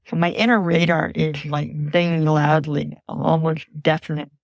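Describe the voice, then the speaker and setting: A woman earnestly recounting a frightening personal memory as a podcast guest, in a measured storytelling voice. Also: deep voice, steady tone, vocal fry, no echo.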